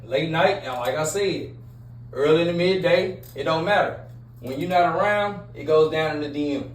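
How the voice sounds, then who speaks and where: A man's voice: on the high side, moderate pace. Blunt preachy man, echoey room. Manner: blunt, preachy, repetitive, street slang. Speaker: relationship advice host. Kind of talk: casual monologue. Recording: echoey room with faint noise.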